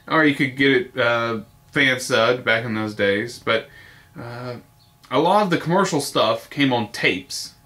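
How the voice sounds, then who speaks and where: A man's voice: mid-range voice, unhurried, pushed and bright. A man talking casually in a video response, rambling with lots of fillers and the occasional swear word. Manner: rambling, nostalgic, with frequent fillers and mild swearing. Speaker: vlogger.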